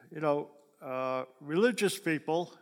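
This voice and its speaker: Folksy preacher man in an echoing hall. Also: on the high side. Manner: folksy, asks the crowd questions. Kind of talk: sermon. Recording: long hall reverb.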